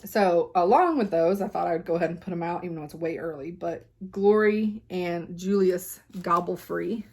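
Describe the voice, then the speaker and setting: A woman's voice: on the low side, moderate pace, a little mellow, slightly rough. A woman, chatting casually as a cross-stitch vlogger at her home craft desk, rambling with lots of fillers and laughs.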